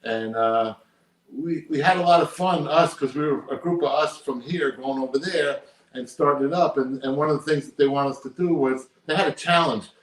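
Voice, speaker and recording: A man's voice: mid-range voice, normal speed. An older man, a poker player, talking casually and emphatically in an interview, repeating his points. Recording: roomy echo.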